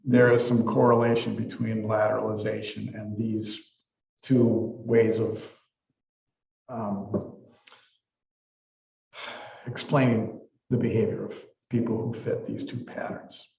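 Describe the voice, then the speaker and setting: A man's voice: on the low side, level tone, slow pace, vocal fry, pauses often, a little mellow, roomy sound, lo-fi sound. A man giving a university psychology lecture in a casual, rambling way, full of fillers and restarts. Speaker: psychology professor.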